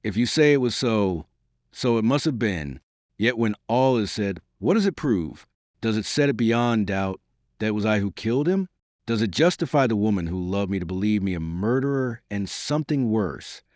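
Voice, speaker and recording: A man voicing a proud, passionate English gentleman who speaks in an impassioned, pleading way. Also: on the low side, animated, moderate pace, no room sound, studio quality, natural voice.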